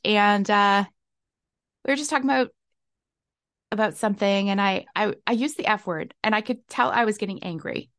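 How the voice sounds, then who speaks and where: With a gravelly, somewhat bright mid-range voice, a young solo podcast host speaks candidly and thoughtfully, frequently laughing at herself. The recording is studio quality without echo.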